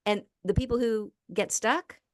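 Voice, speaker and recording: A woman who is a speaker and author, talking in a podcast interview as an animated storyteller who acts out the people in her stories. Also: fairly high pitch, unhurried, no room sound, studio quality.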